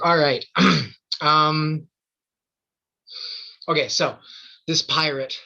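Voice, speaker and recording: A man's voice: fairly high pitch, fairly even intonation, very slow, vocal fry, bright, forceful tone. A man hosting a stage show and telling jokes, chatty with fillers, recorded lo-fi in a theatre. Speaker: host. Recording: dull lo-fi recording.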